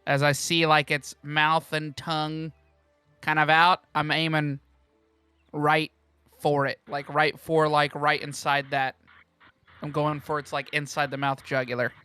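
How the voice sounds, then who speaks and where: A man's voice: fairly high pitch, little pitch movement, measured pace, sharp tone, clear, resonant tone, dry recording, soft background music. A young man playing a tabletop game, chatting playfully in a meandering, hesitant way. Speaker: player. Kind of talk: casual chat at a tabletop game.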